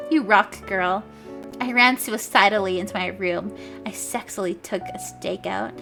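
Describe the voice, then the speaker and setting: A woman streamer reading a story aloud for laughs, shouting the quoted lines over the top and breaking off for wry asides. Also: medium pitch, moderate pace. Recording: clear background music under voice. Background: background music.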